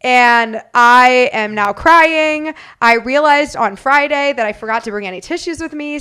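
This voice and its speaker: Bright-voiced woman telling a lively story. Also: sits high, smooth. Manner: lively anecdotal storytelling, acting out quotes. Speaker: podcast co-host. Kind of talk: casual storytelling chat.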